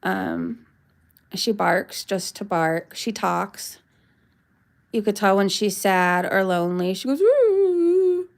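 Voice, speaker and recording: A woman's voice: mid-range voice, steady tone, slow pace. A woman vlogging live from her backyard, chatting in a meandering way and breaking off to scold her dog. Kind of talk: casual rambling chat. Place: backyard, outdoors.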